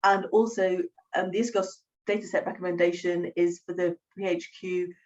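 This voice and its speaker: A woman, a psychologist hosting a webinar, speaking in a measured way with many pauses over a video call. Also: lowish voice, little pitch movement, darkish tone. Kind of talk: professional discussion on a video call. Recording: distant, dull lo-fi call audio.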